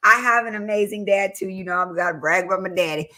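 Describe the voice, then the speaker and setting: A woman hosting a casual personal-finance livestream, chatting with viewers and reading their comments aloud between warm, talkative tangents full of fillers. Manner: chatty and warm, with fillers and quick jumps in pitch.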